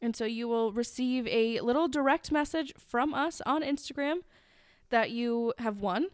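A woman co-hosting a podcast, chatty and playful with a sarcastic streak. Her voice sits a little high. The recording is dry and close-miked. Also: measured pace, clean tone, no room sound. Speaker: podcast co-host. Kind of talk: casual podcast chat.

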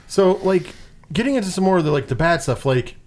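Animated, high-voiced ranting man. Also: brisk. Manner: animated, profane ranting with mocking quoted voices. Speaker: podcast co-host reviewing a film. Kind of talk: casual profane film-review chat.

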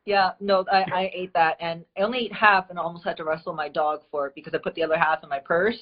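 A woman's voice: fairly low pitch, fairly even intonation, fast talker, highs cut off. A woman from the United States hosting a live stream, talking in a gushing, heartfelt way with many fillers. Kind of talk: casual live-stream chat.

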